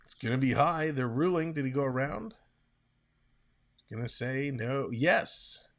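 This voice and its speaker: A man calling a ball game play-by-play on a live stream, chatting and reading viewer comments between pitches. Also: animated, unhurried, vocal fry. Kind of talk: casual play-by-play with chat reading.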